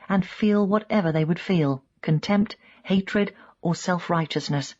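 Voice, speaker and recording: A woman narrating a nonfiction audiobook in first person, measured and reflective. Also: deep voice, a little mellow, muffled recording.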